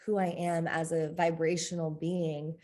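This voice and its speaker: A woman with a slightly low-pitched voice talks candidly as a guest in a conversational interview. She is open and expressive and laughs often as she shares. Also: a little slow. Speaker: podcast guest, coach.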